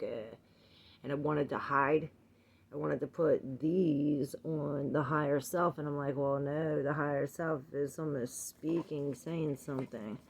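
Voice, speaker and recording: A woman with a deep, bass voice and darkish tone gives a tarot reading for viewers, chatting casually and rambling as she thinks aloud between cards with fillers and laughter. A slight hiss or hum is audible.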